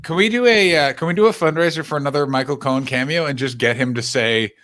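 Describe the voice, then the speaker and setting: A man co-hosting a live stream in casual chat, animated and profane, laughing often. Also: medium pitch, fast talker. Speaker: stream co-host.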